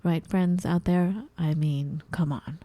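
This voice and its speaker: Deep, mellow-voiced woman co-host. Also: slow pace, no room sound. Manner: animated, acts out her own confused voice. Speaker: podcast co-host. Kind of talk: casual chat. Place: at home.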